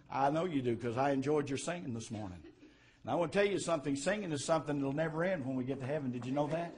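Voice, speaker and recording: A male preacher delivers a sermon in a fairly high voice. He builds to emphatic, louder peaks, then drops back to soft, conversational asides. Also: slightly rough. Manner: preaching with rising, emphatic swells and quieter asides.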